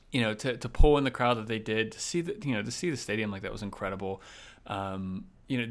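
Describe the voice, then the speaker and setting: Rambling, animated podcast co-host, fairly low voice. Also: male voice. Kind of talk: casual chat.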